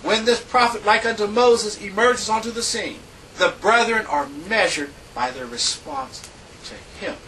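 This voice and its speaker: A man preaching a sermon, reading scripture in an emphatic, drawn-out way with big rises and falls in pitch. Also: pushed and bright, distant mic, slight background noise, poor audio.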